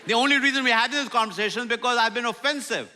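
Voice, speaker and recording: An older man preaching a sermon as a guest speaker, humorous and animated, acting out prayers and apologies in a church. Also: very high-pitched, rapid-fire, a little hiss or hum. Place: church sanctuary.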